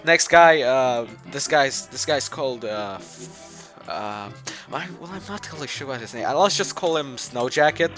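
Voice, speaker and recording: A man's voice: mid-range voice, lively intonation, a little slow, hardly any pauses, fairly bright tone, soft background music. A man presenting his game project in a loose, rambling way, full of fillers and restarts, often chuckling. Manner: chuckling, offhand. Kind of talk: joking game showcase.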